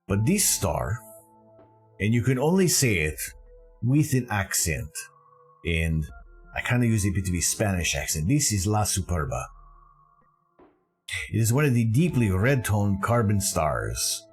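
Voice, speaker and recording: A man's voice: on the low side, big pitch swings, unhurried, soft background music. A man from Canada hosting a live stream, talking casually and with enthusiasm in a rambling way, often correcting himself mid-sentence.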